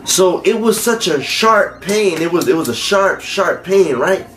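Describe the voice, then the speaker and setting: A male reaction host who talks slowly but swings his pitch widely. He keeps stopping a clip to demand answers. Faint music sits underneath his voice. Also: animated, fairly bright tone. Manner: questioning, challenging, pauses the clip. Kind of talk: commentary on a played clip.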